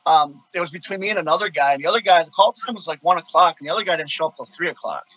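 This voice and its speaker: A man's voice: fairly high pitch, very fast, slightly rough, dry recording, dull audio. A man from Wisconsin telling casual stories as a guest, acting out the quoted voices with energy. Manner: animated, acts out quoted voices loudly. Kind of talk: casual storytelling.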